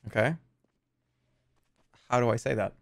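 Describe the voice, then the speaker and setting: A man's voice: medium pitch, steady tone, unhurried, gravelly, dry recording, clean studio sound. A man chatting and laughing casually with friends while playing a game, swearing often. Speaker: streamer. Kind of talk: casual gaming chat.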